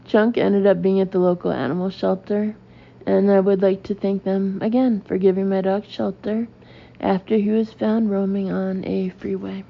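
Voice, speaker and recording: A woman narrating a comic memoir audiobook in a dry, deadpan way. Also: medium pitch, normal speed, gravelly, dull audio.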